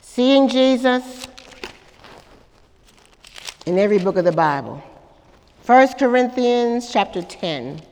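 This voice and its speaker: A woman's voice: on the high side, expressive, slow pace, long pauses, a little mellow, in a large hall. A woman pastor preaching a sermon at a church service, with dramatic call-and-response to the congregation.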